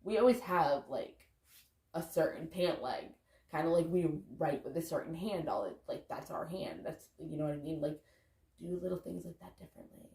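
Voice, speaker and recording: Gravelly, mellow-voiced woman. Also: sits low, normal speed, roomy sound. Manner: loose, candid, swears casually, lots of "like". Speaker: vlogger, parent. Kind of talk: casual motivational talk to camera.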